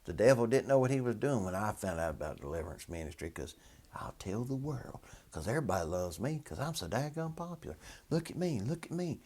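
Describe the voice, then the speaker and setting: A man's voice: lowish voice, sing-song, a little fast, a little mellow, breathy edge, heavily acted. A man putting on a mocking impression of a boastful male preacher, in an exaggerated accent and a preening, sarcastic manner. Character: boastful, self-important male preacher, mocked.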